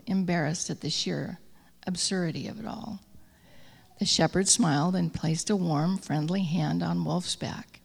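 A woman tells a story slowly, letting her words drag out and sink into a hushed whisper. Her voice is gravelly and breathy. A long hall reverb trails behind her. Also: fairly low pitch. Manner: slow, drawn-out reading that drops often to a soft whisper. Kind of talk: read-aloud storytelling.

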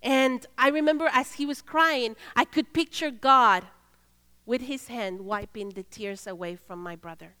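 Woman preacher, higher voice, smooth, earnest storytelling, loud then hushed, long church reverb. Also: a little slow. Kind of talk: sermon storytelling.

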